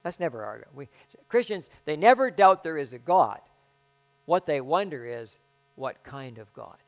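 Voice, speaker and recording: Man preaching a halting sermon over hum. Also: on the high side, very animated. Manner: halting, self-deprecating, conversational with many restarts. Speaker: pastor.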